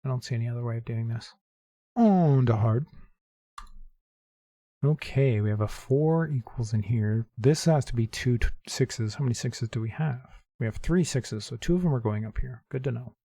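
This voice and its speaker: A man talking through daily puzzles in a relaxed, mellow voice, reading clues half to himself and reasoning out loud. His tone sits in an ordinary middle range. The sound is dry and close, with no room around it. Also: mid-range voice, fairly quick, hardly any pauses, no echo. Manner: thinks aloud, muttering clues and working through puzzles. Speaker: gaming channel host. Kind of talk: casual puzzle-solving commentary.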